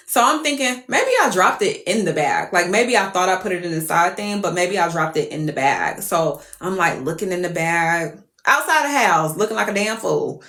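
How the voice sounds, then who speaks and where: Animated, profane woman telling a story. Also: fairly low pitch, moderate pace, roomy sound. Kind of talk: casual storytelling to viewers.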